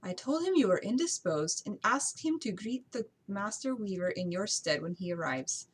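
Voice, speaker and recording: A woman voicing a kindly young lady's maid in an amateur audiobook reading, pitching her voice up and speaking in a soothing, reassuring way. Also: lively intonation, moderate pace, husky.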